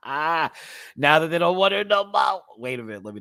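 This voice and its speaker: Very deep-voiced, animated woman ranting. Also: a little fast, creaky, no room sound. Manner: animated and expressive, laughs often, swears. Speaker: host of a live recap show. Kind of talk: casual ranting commentary.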